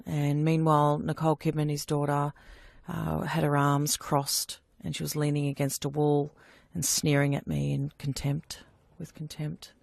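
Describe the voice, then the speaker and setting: A woman recounting personal testimony in a halting way, with frequent fillers and restarts. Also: deep voice, completely flat delivery, gravelly, a little mellow, no echo. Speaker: abuse survivor giving testimony.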